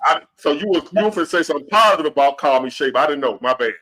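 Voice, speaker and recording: A brash man hosts a casual talk show with a bright, ringing voice pitched a little high. He talks bluntly and jokes freely with his callers. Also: animated, very fast. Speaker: host.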